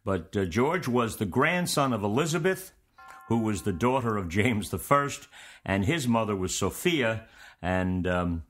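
Low-voiced man giving a rambling history lecture. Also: measured pace. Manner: relaxed, meandering, conversational delivery. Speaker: history teacher and show host. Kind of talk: informal history lecture to students.

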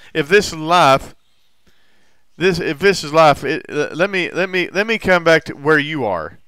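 A man in recovery telling a personal story in a halting way, with frequent restarts and heavy swearing. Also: a little high, pushed and bright, clean tone, no room sound. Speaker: recovering alcoholic sharing his story.

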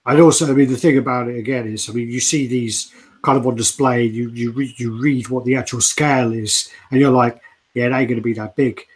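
Male co-host, casual and chatty, average pitch. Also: fairly quick. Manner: relaxed, swears casually, laughs often. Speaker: co-host of collectibles chat. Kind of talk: casual chat.

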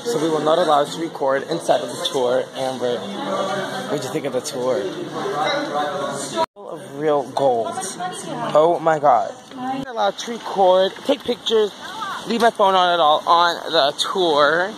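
A man's voice: fairly high pitch, very animated, a little slow, over a noisy crowd, poor audio. A man vlogging casually, rambling and frustrated and swearing constantly, filmed on a handheld phone. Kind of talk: casual vlog chat. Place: outdoors in the wind, then at home. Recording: wind noise outdoors.

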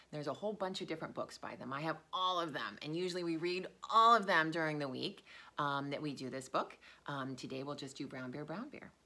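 A young woman who teaches day care, reading a picture book aloud to little children in a sing-song storytime voice. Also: pushed and bright. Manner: sing-song storytime voice with big pitch leaps.

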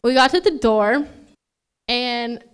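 A woman's voice: a little high, lively intonation, slow, clean tone. A young woman giving a maid of honor toast at a wedding reception, chatty and emotional, laughing often between fillers.

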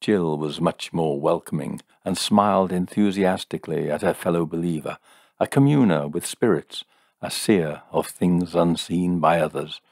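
A man narrating a short story in a measured, dry way. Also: low voice, a little mellow, no room sound.

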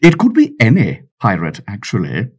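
A man's voice: fairly low pitch, wildly swooping pitch, normal speed, husky, exaggerated voice. A man voicing a weary, dry navy captain in an audiobook, exasperated and lecturing. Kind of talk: audiobook character voice.

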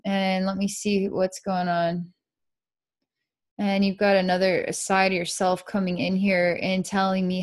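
A woman psychic leads a client through an energy-healing session in a soft, level, medium-pitched voice, unhurried and often broken by sighs. She describes her visions dreamily and repetitively.

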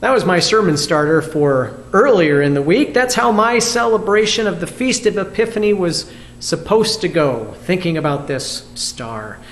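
Male pastor, high voice, reflective video sermon, asks the viewers questions. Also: animated, moderate pace. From United States. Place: church.

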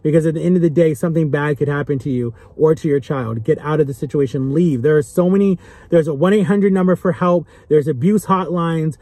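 A young vlogger speaks straight into the camera with a slightly high, mellow voice at a brisk clip, and the recording is dry with no room sound. He's impassioned and earnest, almost pleading, repeating himself for emphasis as emotion builds.

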